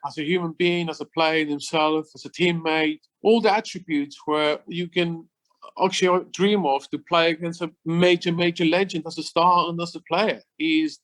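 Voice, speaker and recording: A man's voice: on the high side, a bit bright. A middle-aged man, chatting as an interview guest, enthusiastic and repeating words as he goes. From Switzerland. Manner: enthusiastic, repeats words, non-native phrasing. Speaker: former footballer guest. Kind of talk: casual interview chat.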